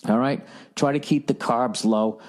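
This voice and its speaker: A man's voice: medium pitch, fairly even intonation, measured pace. A man hosting a podcast, ranting in an exasperated, profane monologue while jet lagged. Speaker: podcast host.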